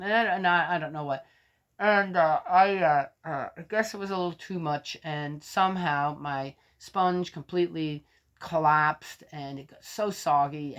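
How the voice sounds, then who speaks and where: An older woman in a rambling, chatty talk, sharing a story and a blessing with her viewers. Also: sits low. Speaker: faith vlogger. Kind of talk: casual chat.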